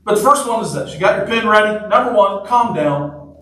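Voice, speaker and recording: Guy preaching, chatty and jokey, high voice, mic kinda far off. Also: expressive, fairly quick, bright, forceful tone. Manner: conversational, joking, repeats phrases. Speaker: pastor. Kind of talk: sermon. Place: church sanctuary. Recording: echoey church hall from far off.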